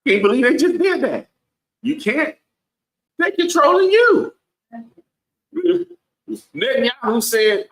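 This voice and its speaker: A man's voice: extremely high pitch, very animated, takes it slowly, pauses often, fairly bright tone. Preachy man teaching a bible class. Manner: preachy, asks the room "right?" over and over. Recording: echoey room.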